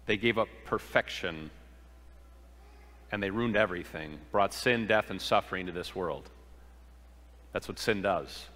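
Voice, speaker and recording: Male pastor, sermon, bright forceful voice, long hall reverb. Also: deep voice, a little slow, long pauses. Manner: earnest preaching with rhetorical questions and acted-out quotes.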